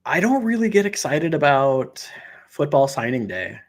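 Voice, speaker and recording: A man's voice: fairly high pitch, big pitch swings, moderate pace. Rambling male sports podcast co-host. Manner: rambling, many fillers like "you know". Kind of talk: casual sports chat.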